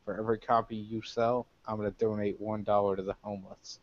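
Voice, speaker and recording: A man's voice: on the low side, flat delivery, quick pace. A man co-hosting a casual wrestling podcast, cracking dry, crude jokes. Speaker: podcast co-host. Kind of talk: casual wrestling review chat. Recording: dull lo-fi sound.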